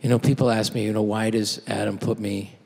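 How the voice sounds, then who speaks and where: Gravelly, husky middle-aged comedian. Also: male voice, lowish voice, level tone, brisk, darkish tone. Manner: mock-earnest, dry delivery. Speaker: comedian roasting a friend. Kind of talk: stand-up roast speech. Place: theater stage at an award ceremony.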